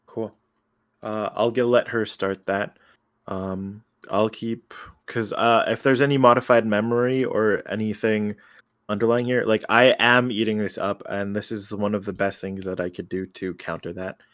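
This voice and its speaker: A man chatting casually as a player in a tabletop game, excitable and rambling, often correcting himself. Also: on the low side, moderate pace.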